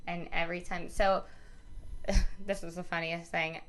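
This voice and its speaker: A woman co-hosting a podcast tells stories in a casual chat, animated and laughing often. She has a lowish voice and an unhurried pace.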